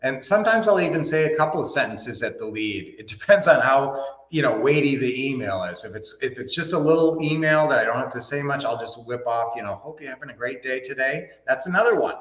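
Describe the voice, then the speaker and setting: A man's voice: medium pitch, expressive, brisk, a bit bright. A man hosting a livestream, giving casual business advice in a folksy, rambling way with lots of fillers and restarts. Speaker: host. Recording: roomy, dull lo-fi sound.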